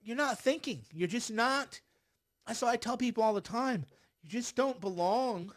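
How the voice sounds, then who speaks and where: Sarcastic man with a high voice. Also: animated, normal speed. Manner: sarcastic, mocking, exasperated, with frequent sighs. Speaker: livestream host. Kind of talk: political commentary livestream.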